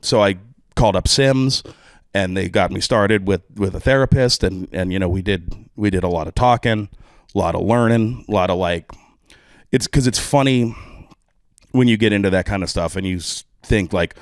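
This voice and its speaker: Texan drummer, podcast guest; candid, profane, rambling; dry close mic. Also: male voice, fairly low pitch, moderate pace, dry recording. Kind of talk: casual conversation.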